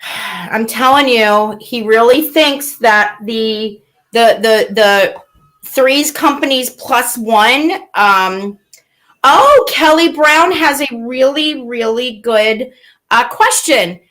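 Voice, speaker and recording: A woman's voice: on the high side, slow pace, a bit bright. A woman playing a melodramatic, weepy reality-TV woman in a live comedy parody, whiny and swinging into mock tears. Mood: dramatic.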